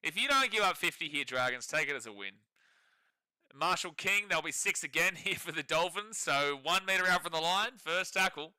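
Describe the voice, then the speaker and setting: A man's voice: fairly high pitch, animated, brisk, bright, forceful tone, clean tone, dry recording. Sarcastic Australian man on a sports stream. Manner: sarcastic, laughs often, reads chat aloud. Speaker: livestream co-host. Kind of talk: casual live sports watch-along commentary.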